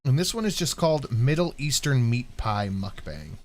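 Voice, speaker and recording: A man co-hosting a casual chat, calm and reassuring, repeating himself. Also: mid-range voice, moderate pace. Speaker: co-host.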